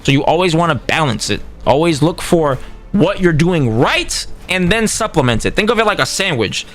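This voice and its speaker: A man's voice: on the high side, normal speed, soft background music. A man coaching on a livestream in a casual, profane way, often acting out what other players might say. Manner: animated, profane, acts out quoted players. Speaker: streamer coaching fighting games.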